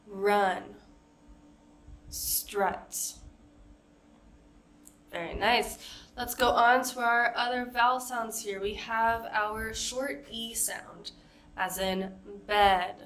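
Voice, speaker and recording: A woman's voice: on the high side, fairly bright tone. A woman coaching pronunciation, patiently modeling vowel sounds and example words one at a time. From United States. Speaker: accent coach. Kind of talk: pronunciation lesson.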